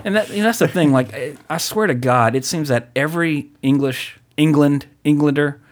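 A man's voice: fairly high pitch, moderate pace. A man co-hosting a podcast, telling rambling stories full of fillers and swearing. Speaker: podcast co-host. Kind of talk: casual chat.

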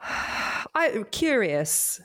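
A middle-aged woman co-hosting a podcast in casual chat, earnest and reflective, slowing down to make her points. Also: fairly high pitch, big pitch swings, a bit bright. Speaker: podcast co-host.

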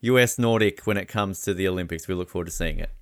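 A man's voice: low-pitched, fast talker, no room sound, clean studio sound. A man hosting an interview, chatty and joking, calling his guest "mate". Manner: chatty, jokey, says "mate". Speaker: interview host. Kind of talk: casual interview chat.

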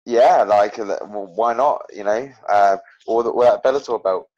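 A man's voice: on the low side, normal speed, a little mellow, lo-fi sound. A man talking as an MMA fighter guest, rambling and frank about his own fights. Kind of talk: casual interview chat.

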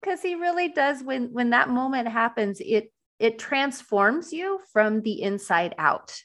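A woman's voice: on the high side, lively intonation, a little slow, a bit bright. A woman hosting an interview podcast, speaking in an effusive, enthusiastic way. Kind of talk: conversational interview.

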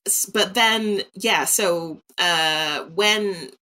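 Chatty young woman, bright tone. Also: mid-range voice, very slow. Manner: chatty and rambling, laughs often. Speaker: podcast co-host. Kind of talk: casual chat.

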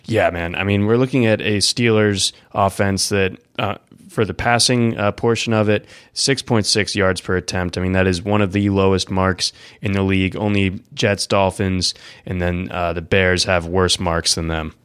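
A man hosting a fantasy football podcast, relaxed, moving the talk along with short questions and fillers. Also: sits low, normal speed, clean tone, dry recording. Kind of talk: casual sports chat, asking questions.

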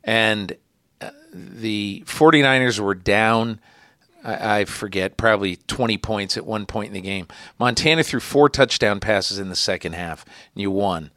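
A male podcast host interviewing a guest, telling anecdotes with lively energy and some hesitant restarts. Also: on the low side, measured pace, no room sound, clean studio sound. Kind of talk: conversational interview.

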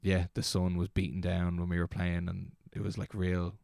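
A young Irish man in his twenties tells a rambling, excitable story with laughs running through it. His voice sits deep and gravelly, with plenty of fry. The sound is dry and close. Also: normal speed, no echo. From Ireland. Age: 20s. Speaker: guest DJ. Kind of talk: casual storytelling.

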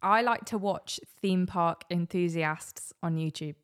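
A young woman hosting a casual chat podcast, telling rambling, animated stories. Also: fairly low pitch, unhurried. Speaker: podcast host.

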